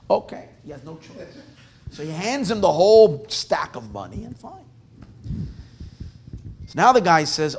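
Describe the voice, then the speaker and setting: A male rabbi telling a story at a live gathering in an animated, conversational way, often breaking off and restarting his sentences. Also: on the high side, unhurried, pauses often, slight background noise. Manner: animated, conversational, self-interrupting.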